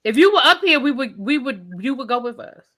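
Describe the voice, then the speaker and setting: A woman's voice: sits high, expressive, a little fast, sharp tone. A woman on a live recap panel, talking bluntly and with sass. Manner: sassy, blunt, laughs often. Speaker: guest panelist. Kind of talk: casual live recap chat.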